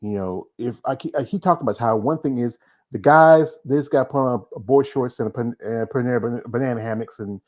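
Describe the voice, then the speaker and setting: Host: man, 40s, from North Carolina, rambling and repetitive, mid pitch, lo-fi recording. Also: fairly quick, darkish tone. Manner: rambling, repeats words, plays with accents. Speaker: interview host. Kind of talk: casual interview chat. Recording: dull lo-fi sound.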